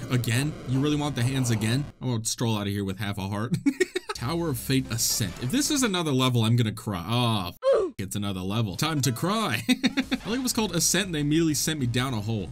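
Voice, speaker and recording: A young man giving casual, excitable gameplay commentary, swearing and trash-talking the enemies. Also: a little high, a little fast, a little hiss or hum. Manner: excitable, profane, jokey trash talk. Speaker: gaming video host.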